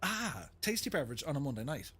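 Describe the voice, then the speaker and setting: A man's voice: fairly high pitch, very animated, fast talker, fairly bright tone, husky. An Irish man streaming a game, chatting casually and joking about impressions, laughing often. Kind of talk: casual live-stream chat.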